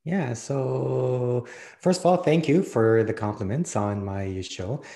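A man's voice: medium pitch, slow pace, warm tone. A man from Canada, a guest in a casual interview, talking in an easygoing way and laughing often. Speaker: podcast host, guest.

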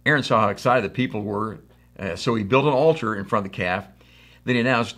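A man's voice: medium pitch, fairly quick, fairly bright tone. A middle-aged man from the United States preaching a conversational sermon, telling stories and acting out quotes. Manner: conversational storytelling with acted quotes. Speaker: pastor.

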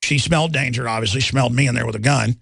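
A man's voice: medium pitch, fast, vocal fry, a bit bright, breathy edge, no room sound. A middle-aged man hosting a radio talk show, delivering an indignant, rambling monologue full of repeated words and restarts.

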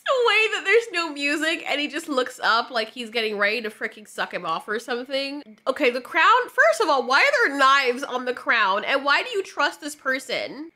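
Bright high-voiced woman doing casual reaction commentary, incredulous, swears a lot, voice jumps all over. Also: normal speed, hardly any pauses. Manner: animated, incredulous, laughing, profane asides. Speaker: video reviewer.

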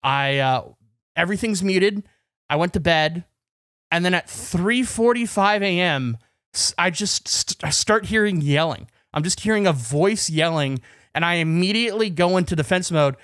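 High-voiced rambling podcast man. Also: animated, normal speed, a bit bright, no echo, studio quality. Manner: rambling storyteller, heavy on "like" and restarts. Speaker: podcast co-host. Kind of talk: casual podcast chat.

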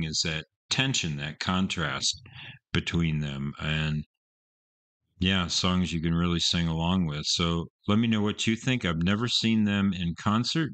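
A man's voice: low voice, a bit bright. An older man hosting his own music channel, talking casually and enthusiastically, rambling with fillers and restarts. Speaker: music reaction channel host. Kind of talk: casual solo talk to camera. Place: home room with construction noise outside.

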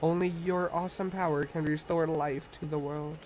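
A man voicing a gentle, reverent female tree spirit, reading game dialogue aloud in a slow, solemn manner. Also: a little high, fairly even intonation, slight background noise, natural voice, low-quality recording. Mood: pleading.

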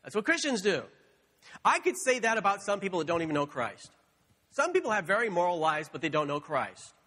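Animated high-voiced man preaching in a hall. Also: brisk. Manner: playful, animated storytelling with animal sounds. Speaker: pastor. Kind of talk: sermon. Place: church sanctuary.

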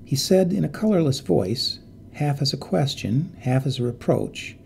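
Expressive man reading a ghost story. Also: a little high, normal speed, vocal fry, slight background noise. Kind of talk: audiobook narration of a ghost story.

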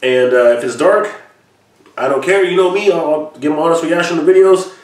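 Hosting a reaction channel alone in a room, this man talks a little fast in a somewhat high voice. He's upbeat and casual, swearing a lot and wandering into rambling asides. The mic sits at a distance, giving a roomy echo.

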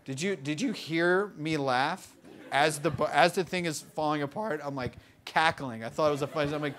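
A man in his twenties telling stories in a casual interview, animated, full of fillers and laughing often. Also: on the high side, moderate pace, a little hiss or hum. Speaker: interview guest. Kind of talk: casual storytelling. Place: bookstore event.

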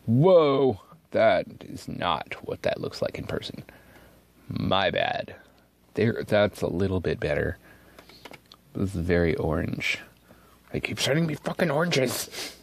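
A man hosting an ink swatching video, talking casually and excitably at his desk, swearing freely and switching between loud outbursts and muttered asides. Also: mid-range voice, takes it slowly, gravelly, pauses often, a little hiss or hum. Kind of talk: casual narration while swatching inks. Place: at a desk indoors.

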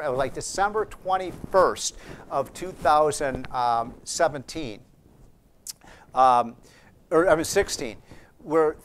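Man, higher-pitched, rambling seminar talk to students, live room, faint background noise. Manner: chatty anecdotal delivery with frequent restarts and asides. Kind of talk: storytelling speech to students.

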